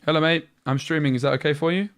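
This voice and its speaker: A man's voice: fairly high pitch, steady tone, quick pace, a bit bright. A young British man streaming a card game, thinking aloud in a chatty way, tired after a long session. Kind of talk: live-stream commentary while playing a card game.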